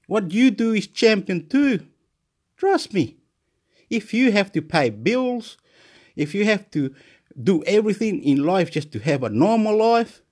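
A man at home, rambling through a repetitive, excitable motivational monologue, swinging between shouts and mutters. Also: sits high, measured pace. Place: at home, indoors.

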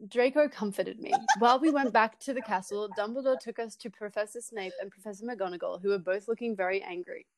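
A woman co-hosting a comedy podcast, reading a story aloud with wry, deadpan asides and giggles, close to the mic. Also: mid-range voice, a little fast, few pauses, no room sound.

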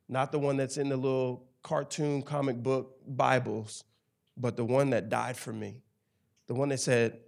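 A campus ministry director and chaplain from Tennessee, in his thirties, shares his personal testimony in conversation, telling it with emphatic, animated energy. His medium-pitched voice is gravelly and measured in pace.

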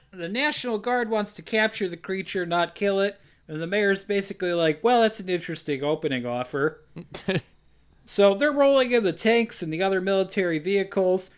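A man with a notably high speaking voice runs through a movie plot in a loose, joking podcast chat. He drops sarcastic asides and reads the characters' lines in quick goofy voices. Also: clean tone. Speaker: podcast co-host recapping a film. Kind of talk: casual comedic chat.

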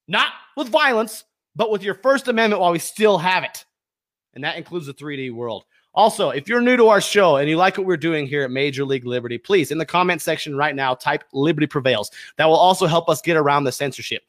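In a fairly high, bright voice, a podcast host rants heatedly about politics, fired up and shouting accusations, later shifting to calm plugs. He's worked up and sweating.

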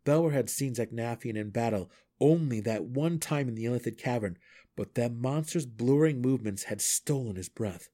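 A man reading a fantasy novel aloud in steady, measured storytelling. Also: mid-range voice. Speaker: audiobook reader. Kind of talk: fan audiobook narration.

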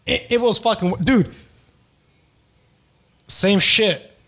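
Speaking slowly with a high voice and sharp tone, a podcast host in his thirties tells a casual, rambling dating story. It's heavy on swearing and slang, with some Spanish mixed in.

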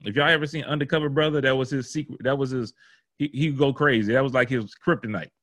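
A man's voice: mid-range voice, fairly even intonation, quick pace, a bit bright, no room sound. A man hosting a podcast, telling rambling, profane stories in casual chat. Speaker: podcast host.

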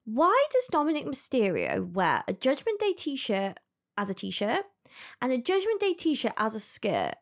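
Woman, podcast co-host, casual chat, animated storytelling, laughs a lot. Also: on the high side, a little slow.

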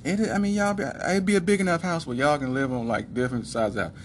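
Brief: sweet, eager teenage girl, put on by a man in a casual retelling, bright and high. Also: fast, a little hiss or hum, natural voice.

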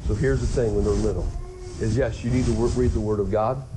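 A man's voice: on the low side, steady tone, a little fast, noisy background. A middle-aged man preaching a sermon as a pastor, conversational and earnest, often repeating words and rising for emphasis.

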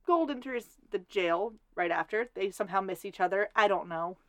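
A woman's voice: medium pitch, fairly bright tone, dry recording. Woman podcast co-host, casual recap chat, sweary, dry close sound. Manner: sweary, acts out characters in quick asides.

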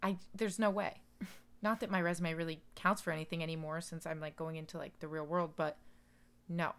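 A young woman chatting casually with her sister on a podcast, animated and self-deprecating, laughing a lot. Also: low-pitched, a little fast, clean tone. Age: young adult. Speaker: podcast guest, host's sister. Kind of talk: casual chat.

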